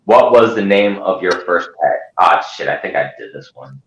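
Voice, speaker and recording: A male host chatting casually, rambling and animated, slipping into loud mocking voices. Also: low voice, moderate pace, reverberant, low-quality recording. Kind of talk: casual chat.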